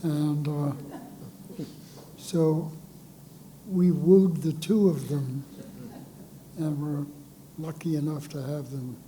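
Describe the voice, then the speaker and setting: A panelist and former dean telling an unhurried anecdote, pausing with fillers as they remember. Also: medium pitch, steady tone, dark tone, poor audio. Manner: unhurried, reminiscing, halting. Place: lecture hall. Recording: clear background noise.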